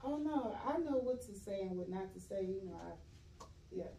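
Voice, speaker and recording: A woman's voice: mid-range voice, expressive, normal speed, gravelly, dark tone. Laid-back young woman, candid. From California. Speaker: actress guest. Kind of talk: casual interview chat. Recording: roomy echo, voice a bit far from mic, faint noise.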